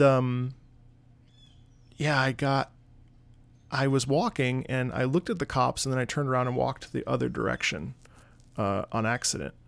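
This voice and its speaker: A man's voice: mid-range voice, gravelly, no room sound. A man who streams and sings opera, telling a rambling story in casual chat with his audience, with lots of swearing and filler words.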